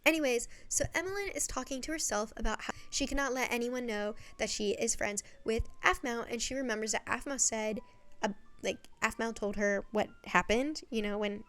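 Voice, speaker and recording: A woman's voice: a little high, fairly bright tone. A young woman giving a casual spoken recap, chatty and blunt, swearing freely and firing off rhetorical questions. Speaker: video essayist. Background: faint background music.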